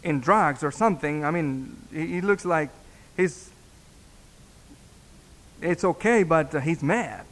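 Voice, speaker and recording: A man, a pastor, telling a story in a sermon, halting and repeating words as he acts out the dialogue. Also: on the high side, a bit bright. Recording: long reverb in a hall.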